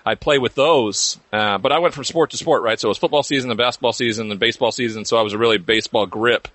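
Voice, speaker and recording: Relaxed guest guy talking quick, lots of little uhs, dry close mic. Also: medium pitch, no room sound. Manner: easygoing, fills pauses with "uh". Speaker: guest, former football player. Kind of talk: relaxed interview storytelling.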